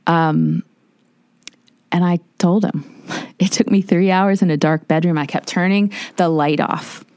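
A woman's voice: on the low side, steady tone, measured pace, a little mellow, smooth, dry recording, clean studio sound. Earnest woman telling her story. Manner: earnest, storytelling, acts out quoted voices. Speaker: guest. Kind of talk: personal testimony in a podcast interview.

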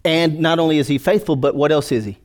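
A man's voice: on the high side, fast. A male pastor preaching a sermon, joking with the congregation and calling for responses.

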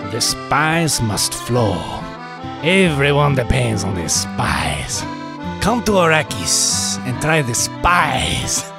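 A man voicing a smooth male spice merchant in a mock French accent, selling with a drawn-out, crooning pitch.

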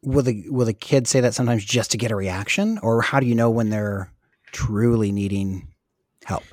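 A man's voice: on the low side, moderate pace, darkish tone, no echo, studio quality. A man hosting an interview, asking brief, direct questions. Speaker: podcast host.

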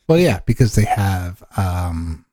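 A man's voice: deep voice, big pitch swings, slow pace, dark tone, dry recording, clean studio sound. A man co-hosting a casual podcast chat, easygoing and rambling. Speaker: podcast co-host.

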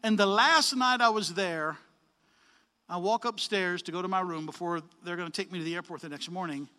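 A man telling a story in a sermon, animated, acting out the dialogue with changes of voice. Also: sits high, a little fast, smooth, long reverb tail. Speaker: preacher.

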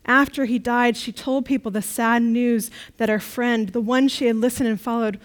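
High-voiced lady doing the kids' talk at church, slow and animated. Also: rough recording. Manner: animated, playful, leads the children in repeating refrains. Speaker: children's talk leader at church. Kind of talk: children's sermon storytelling. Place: church service.

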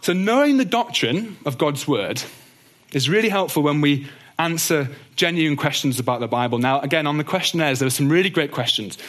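Bible teacher, male, slightly higher voice, earnest and gentle delivery. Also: animated, fairly quick. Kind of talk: teaching talk on doctrine.

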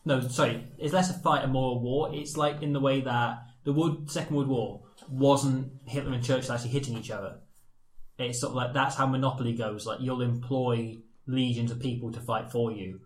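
A man co-hosting a podcast, making dry deadpan jokes in casual chat. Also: mid-range voice, brisk. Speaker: podcast co-host. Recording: echoey room.

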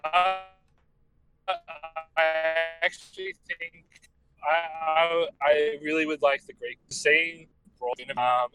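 A man's voice: fairly high pitch, sharp tone, poor audio. A man from Australia co-hosting a podcast, talking casually with frequent hesitations. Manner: hesitant, many ums and restarts. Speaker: podcast co-host.

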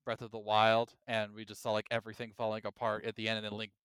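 A man co-hosting a casual gaming podcast, talking with excited energy and now and then acting out his own reactions. His voice is bright and crisp, with a dry close-mic sound. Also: fairly low pitch, quick pace, dry recording. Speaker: podcast co-host. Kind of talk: casual chat.

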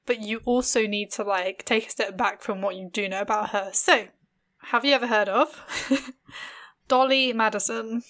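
Brief: young woman podcast co-host, fairly high voice, fast chatty delivery full of fillers. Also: steady tone, fairly bright tone. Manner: chatty, many "like" fillers, quick asides. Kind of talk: casual chat.

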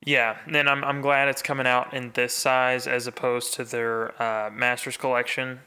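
A man's voice: mid-range voice, flat delivery, normal speed, sharp tone, clear, resonant tone. A man co-hosting a podcast in casual chat, enthusiastic and talkative with frequent restarts. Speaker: podcast co-host.

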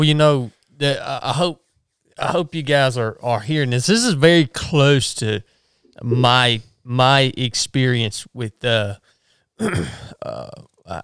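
A man's voice: mid-range voice, a bit bright, clear, resonant tone, dry recording, clean studio sound. A man hosting a casual interview, sincere and affirming toward his guest. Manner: affirming, sincere, short backchannels.

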